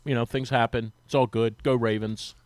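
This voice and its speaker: A man on sports radio telling a long anecdote in casual chat, acting out the quotes with a rising, lively voice. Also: medium pitch, normal speed. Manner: animated, acts out quotes with rising voice. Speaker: sports radio guest, former team reporter. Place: radio studio.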